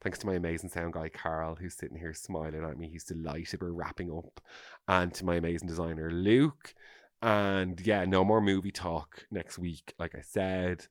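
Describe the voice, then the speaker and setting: A low-pitched man hosts a chatty podcast, gushing and exclamatory as he reacts. His voice sits deep and the sound is close and dry, with no room around it. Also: steady tone, moderate pace, no room sound. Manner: gushing, exclamatory, says "amazing" a lot. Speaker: podcast host. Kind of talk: casual chat.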